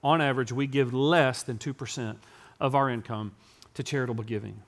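A man, preaching a sermon to his congregation in a church and building to loud, yelling emphasis. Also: medium pitch, fairly even intonation, brisk. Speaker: pastor. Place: church sanctuary.

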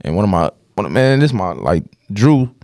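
A man's voice: lowish voice, big pitch swings, normal speed, a little mellow, no echo, studio quality. Man telling a rambling, profane story. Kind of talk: casual podcast conversation.

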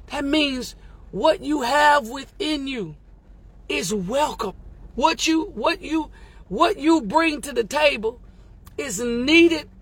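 A woman hosts a daily motivational podcast in a gravelly voice with a touch of fry. She preaches with emphatic exclamations and talks straight to her listeners. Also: high voice, no room sound, rough recording.

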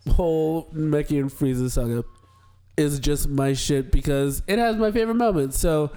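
A young man talking casually with friends on a podcast. His voice sits a little high for a man, and he keeps slipping into giggles and squeaky laughter as he recalls funny scenes. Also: normal speed, warm tone, clean tone, faint music behind. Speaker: podcast co-host. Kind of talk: casual chat.

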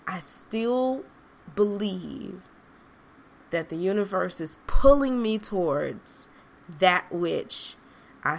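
A woman's voice: medium pitch, fairly bright tone. A woman hosting a podcast, speaking in an earnest, conversational way straight to her listeners. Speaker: podcast host. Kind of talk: reflective motivational monologue.

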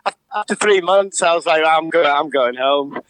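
A man's voice: on the high side, moderate pace, fairly bright tone, dry recording, low-quality recording. A man, a chef, casually telling rambling, sweary stories to an old friend and laughing along. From Durham, North East England. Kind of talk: casual storytelling chat between old friends.

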